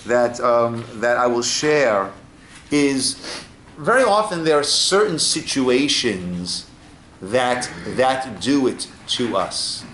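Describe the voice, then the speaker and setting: An American rabbi gives an informal Torah class, telling stories and often checking in with "right?" His medium voice is slightly bright, slow, and swings widely in pitch, recorded in an echoey room with faint ambience and a little hiss or hum.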